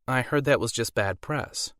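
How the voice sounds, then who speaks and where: A man voicing a blunt, sarcastic young witch woman in a raised pitch. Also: moderate pace, a bit bright, no room sound, clean studio sound, close to an everyday voice.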